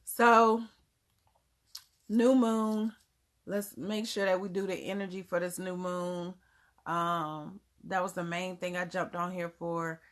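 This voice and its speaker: A woman with a fairly low, level voice and a measured pace hosts a livestream, chatting casually in a Southern US accent as she reads viewer comments and answers them, laughing often. She's from Germany, and her grammar is loose, with words dropped here and there.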